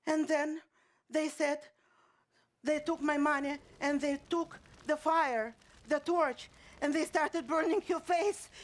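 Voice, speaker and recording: A woman acting a middle-aged mother who survived a pogrom, speaking in a halting stage monologue full of restarts and repeated words. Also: high voice, steady tone. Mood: desperate. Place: theater stage.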